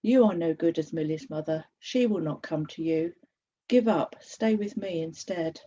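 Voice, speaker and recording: Sad is a storybook spirit full of despair, harsh and discouraging as she clings to others, voiced by a woman reading aloud. Her voice is low and mellow, and the recording sounds a little dull and lo-fi. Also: normal speed.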